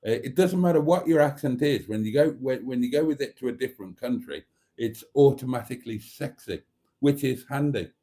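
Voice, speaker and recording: Chatty British man with a mellow voice. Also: medium pitch, expressive, fairly quick. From Britain. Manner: chatty and rambling, with dry jokes and mock outrage. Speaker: livestream host reading viewer comments. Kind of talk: casual live chat.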